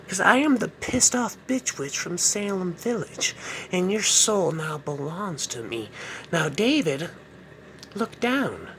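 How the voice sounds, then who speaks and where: A man voicing a gloating evil female witch who cackles and taunts slowly. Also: high voice, vocal fry, a little hiss or hum, exaggerated voice.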